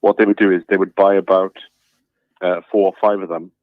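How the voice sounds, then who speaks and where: A man calling in by phone, telling a story in a relaxed way with many fillers, over a tinny phone line. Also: deep voice, a little fast, dry recording. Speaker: caller. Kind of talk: casual phone chat.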